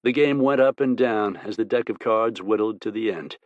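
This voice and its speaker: Low-voiced male audiobook narrator. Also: moderate pace, no echo, lo-fi sound.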